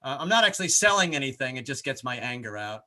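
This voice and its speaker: A man performing a rambling, self-deprecating stand-up comedy set, often shouting in put-on voices. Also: medium pitch, big pitch swings, quick pace. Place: home in Brooklyn, skyline behind.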